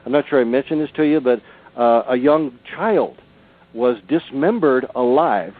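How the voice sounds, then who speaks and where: A man's voice: medium pitch, moderate pace. Older male radio guest, earnest storyteller, heard down a tinny phone line. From Southern California. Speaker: author and researcher guest.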